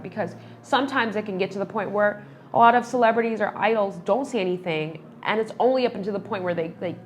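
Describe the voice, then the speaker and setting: A woman's voice: lowish voice, a little hiss or hum. A woman hosting a casual entertainment news show, talking in a heartfelt, chatty way with lots of fillers.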